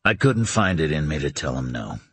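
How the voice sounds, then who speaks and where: A man reading an audiobook, voicing a weary, protective man who speaks softly. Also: very deep voice, very animated, a little fast, slightly rough, no room sound, pitched below the performer's own voice, heavily acted. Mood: subdued. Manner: soft-spoken. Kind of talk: audiobook character voice.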